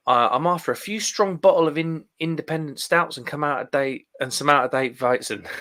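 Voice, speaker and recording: A man's voice: on the high side, a bit bright. A man from England co-hosting a casual beer live stream, cheerful and chatty, laughing often as he reads comments. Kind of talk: casual chat reading viewer comments.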